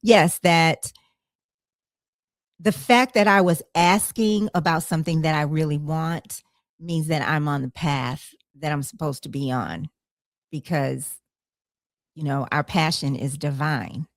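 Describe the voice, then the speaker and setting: A woman's voice: deep voice, measured pace, dry recording, studio quality. A woman hosting a podcast, talking casually over a video call, rambling with many fillers and self-corrections. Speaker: podcast host. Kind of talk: casual conversation.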